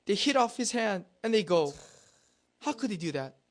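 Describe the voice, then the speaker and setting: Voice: mid-range voice, big pitch swings, moderate pace. Fervent sermon interpreter. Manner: fervent, dramatically voices the pleading father.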